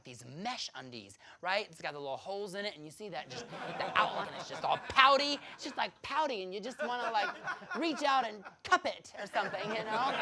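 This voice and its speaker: Man, from the states, personal storytelling, lively pitch, laughs often, acts out voices. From United States.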